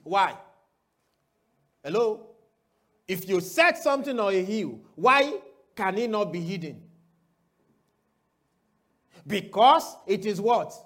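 A man preaching a sermon to his church, asking rhetorical questions and calling for answers, moving between loud declarations and quiet asides. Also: high-pitched.

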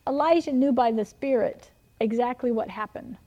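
A middle-aged woman preaching a sermon, telling animated personal stories with frequent laughter. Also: fairly high pitch, normal speed.

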